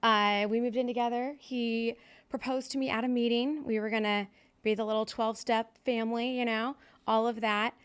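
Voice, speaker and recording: Speaking at a normal, smooth pace, this woman has a fairly high pitch and a steady tone. In her thirties and from Southern California, she appears as a podcast guest and shares her personal recovery story bluntly and candidly, leaning on lots of fillers.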